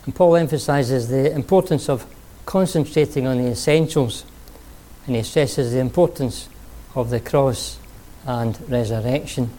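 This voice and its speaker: A man preaching a sermon, telling a story and then speaking earnestly, sometimes pausing to rephrase. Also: medium pitch, dark tone.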